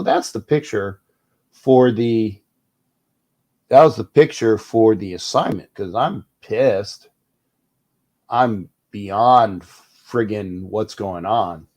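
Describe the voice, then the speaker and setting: Rambling man hosting a fan live-stream. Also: lowish voice. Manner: rambling, animated, restarts and fillers; reads viewer comments aloud. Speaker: host of a fan live show. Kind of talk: casual live-stream chat.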